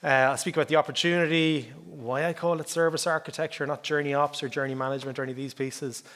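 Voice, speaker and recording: A man's voice: a little high, steady tone, fast, fairly bright tone. A middle-aged Irish man giving a conference talk in a conversational way, often checking in with "okay?". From Ireland. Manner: conversational, chatty, often adds "okay?" and "like, you know". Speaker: conference speaker.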